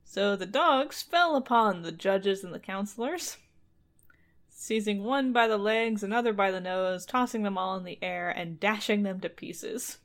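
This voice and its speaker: A woman reading a fairy tale aloud, breaking off for casual chat with wry, deadpan asides and frequent laughs. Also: medium pitch, a little slow.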